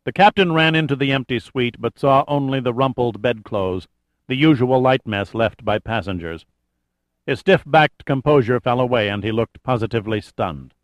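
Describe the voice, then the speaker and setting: A man reading a thriller audiobook in steady, measured narration. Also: mid-range voice, dry recording.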